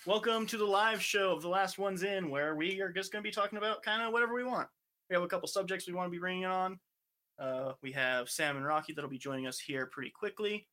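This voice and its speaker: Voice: medium pitch, fast talker, bright, forceful tone. Rambling laid-back podcast host. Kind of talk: casual chat.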